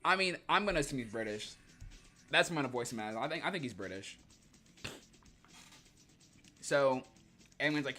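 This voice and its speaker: Brief: young male streamer, bright tone, faint music underneath, loose rambling jokey delivery. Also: mid-range voice, lively intonation, moderate pace, long pauses. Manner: rambling, joking, laughs often. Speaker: streamer reading comics. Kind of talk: casual livestream commentary.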